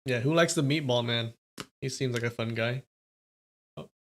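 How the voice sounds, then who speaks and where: A streamer reads a translated wuxia novel aloud on a live stream, moving into loose, playful chat with viewers between passages. The delivery is casual and unpolished, with a mid-range pitch. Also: moderate pace. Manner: casual, playful, chatty asides.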